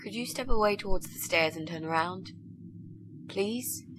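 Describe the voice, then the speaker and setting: A woman's voice: medium pitch, moderate pace, fairly bright tone, a little hiss or hum, close to an everyday voice. An actress voicing an eager, polite young female student in a video game, speaking. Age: young adult. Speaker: game character.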